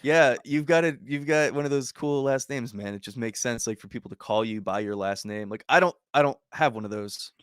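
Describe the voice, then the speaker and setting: Chatty host dude, middle pitch, bone dry room, teasing and rambly. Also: male voice, brisk, few pauses, fairly bright tone, clear, resonant tone, no echo. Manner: playful, rambling questions with fillers. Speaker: podcast host. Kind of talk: casual chat.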